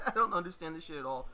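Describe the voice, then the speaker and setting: A man hosting a fighting-game tournament stream, chatting casually, rambling and swearing with quick laughs. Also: high voice, pushed and bright. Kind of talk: casual live-stream chat.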